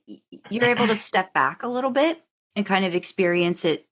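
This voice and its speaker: A woman's voice: mid-range voice, lively intonation, brisk, fairly bright tone. A woman hosting a podcast in casual chat, enthusiastic and rambling with many restarts. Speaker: podcast host.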